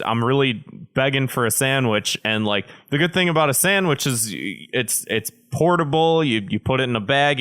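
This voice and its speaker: A man's voice: medium pitch, a bit bright, clean tone, voice pushed down, lightly acted. A man voicing a rambling fox in a fable. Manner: rambling, pleading. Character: fussy male fox craving a sandwich.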